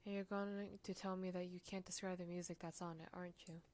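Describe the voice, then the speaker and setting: A man's voice: high voice, flat delivery, fairly quick, darkish tone, natural voice. A woman streamer voicing a middle-aged male French biker who runs a record shop, speaking in a casual, teasing way with a French accent, in a story game.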